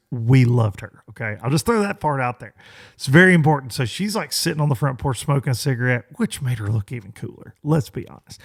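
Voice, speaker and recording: A man in his forties hosting a podcast, telling a story in a loose, rambling way with many fillers and restarts. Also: medium pitch. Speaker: podcast host. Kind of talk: casual storytelling monologue.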